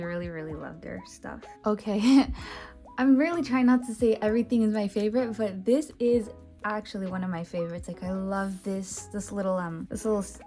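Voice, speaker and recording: A woman's voice: mid-range voice, darkish tone. A woman from outside the United States giving a casual, chatty, self-deprecating tour of her sketchbook, often giggling. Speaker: artist vlogger.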